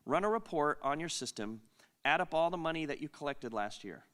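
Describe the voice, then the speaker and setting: A man's voice: a little high, lively intonation, a little fast, a bit bright. A middle-aged man hosting a conference Q&A, telling a long family story in a chatty, self-interrupting way and laughing often. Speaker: conference Q&A host. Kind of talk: casual storytelling Q&A.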